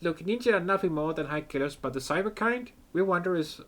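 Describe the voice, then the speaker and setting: A man's voice: sits high, expressive, fairly quick, fairly bright tone, voice pushed up. A man voicing a playful young female cyber ninja hacker, breezy and a bit sheepish, in a fan reading of game dialogue.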